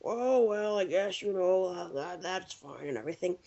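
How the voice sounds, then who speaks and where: A woman voicing a tall, weary elderly husband in a slightly lower voice, on slightly dull lo-fi audio. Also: lively intonation, moderate pace, mellow. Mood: resigned.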